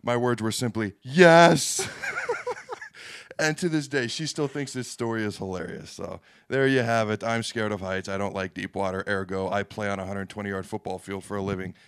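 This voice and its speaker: A man's voice: on the low side, fairly even intonation, brisk, few pauses, a bit bright, smooth, dry recording, studio quality. A young man, a football player, co-hosting a casual sports podcast and telling a long story with self-mocking asides. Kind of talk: casual sports talk chat.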